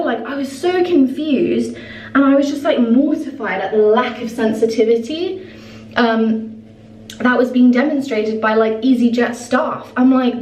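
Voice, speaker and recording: Young woman, casual storytime vlog, chatty, says "like" a lot, slightly high voice, distant mic, roomy echo. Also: a little slow, a little hiss or hum. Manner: chatty, animated retelling full of "like". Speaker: vlogger. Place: at home.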